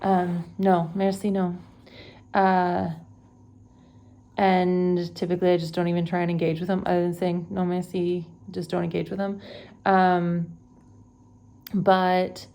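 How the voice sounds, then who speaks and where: A young woman from Texas talks through a recent travel story at home, unedited and conversational. Her voice has a gravelly, fried edge, and she keeps stopping to correct herself and fill gaps with fillers. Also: fairly low pitch, monotone, measured pace, pauses often, warm tone. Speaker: travel vlogger. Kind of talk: unedited personal retelling.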